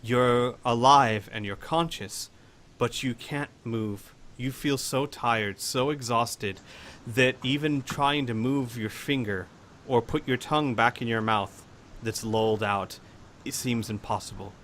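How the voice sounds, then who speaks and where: A man narrating a tabletop role-playing game as game master, in a dramatic, deliberate storytelling manner. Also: mid-range voice, fairly bright tone, slight background noise.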